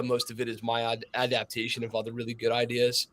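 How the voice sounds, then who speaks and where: A man in casual podcast chat, swearing freely as he tells stories from the range. His voice sits at an ordinary middle pitch, and he slips into quick impressions of the people he is describing. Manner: profane, animated storytelling with acted-out voices. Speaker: podcast co-host, firearms instructor.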